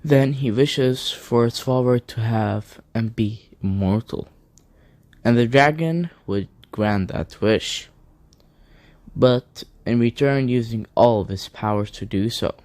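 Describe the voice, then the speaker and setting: A man tells an improvised fan story in a rambling way, chaining event after event. His delivery is slow and unhurried. His voice has a mellow, darkish warmth. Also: mid-range voice. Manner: rambling, strings events together with "then". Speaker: video narrator.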